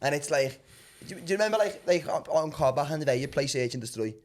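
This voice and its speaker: A young man with a Liverpool accent hosting a casual podcast chat, telling animated stories full of laughter and swearing. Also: a little high, fast. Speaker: podcast host.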